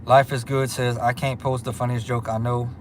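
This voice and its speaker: Guy running his own livestream, chatty and upbeat, mid-pitched voice, faint hum behind him. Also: level tone, moderate pace. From Louisiana. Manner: upbeat, chatty, greets viewers by name. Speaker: livestream host. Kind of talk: casual livestream chat reading viewer comments.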